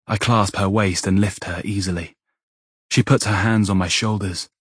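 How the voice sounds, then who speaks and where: Deep, husky male audiobook narrator. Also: fairly even intonation, normal speed, no echo, clean studio sound. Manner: soft, intimate murmur. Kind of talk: first-person romance audiobook narration.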